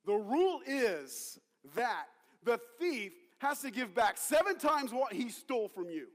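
A man preaching a sermon as pastor, rallying the congregation and calling on them to shout back. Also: extremely high pitch. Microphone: handheld or stage mic. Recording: long reverb of a large hall.

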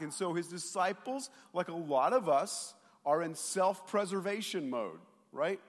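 A male pastor preaching a sermon, retelling scripture in an animated way and mimicking sarcastic and doubting voices. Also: high-pitched, a little slow, few pauses. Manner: animated storytelling, mocking voices of doubters, sometimes shouting. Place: church sanctuary. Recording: long hall reverb.

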